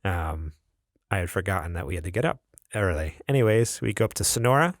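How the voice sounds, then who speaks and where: Gravelly low-voiced young man, rambling. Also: lively intonation, fairly quick, slight background noise. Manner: rambling, laughs often. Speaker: podcast co-host. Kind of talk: casual chat, storytelling.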